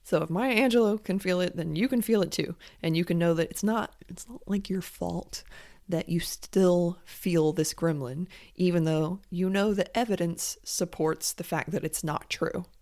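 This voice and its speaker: Chatty woman with a lowish voice. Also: normal speed, mellow. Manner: chatty, frank, with many fillers and restarts. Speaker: podcast host and creative coach. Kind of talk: casual solo podcast monologue.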